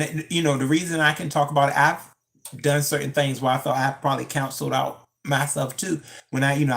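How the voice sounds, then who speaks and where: Creaky voice, middle pitch, chatty livestream commentary on a phone, greets the chat and teases them. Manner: talks straight to the chat, greets viewers, pitch jumps up when teasing. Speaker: live-stream commentator. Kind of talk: casual live-stream commentary.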